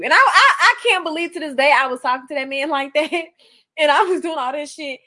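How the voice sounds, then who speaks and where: A young woman co-hosting a casual chat, telling blunt, animated stories full of slang. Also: sits high, brisk. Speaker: podcast co-host. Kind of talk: casual chat reacting to a reality show.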